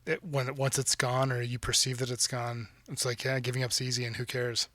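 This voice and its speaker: Man guest, bright but flat delivery, thoughtful and halting. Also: medium pitch, dry recording, clean studio sound. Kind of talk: conversational podcast talk.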